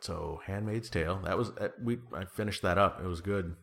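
A very low-pitched middle-aged man talks loosely and casually as a guest. He wanders through his thoughts with frequent restarts and fillers, and he pokes fun at himself. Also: normal speed, vocal fry, a bit bright. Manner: rambling, self-deprecating, trails off with fillers and restarts. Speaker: guest being interviewed. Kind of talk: casual conversation.

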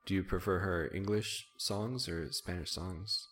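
A man in casual podcast chat, soft-spoken and a little hesitant. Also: deep voice, measured pace.

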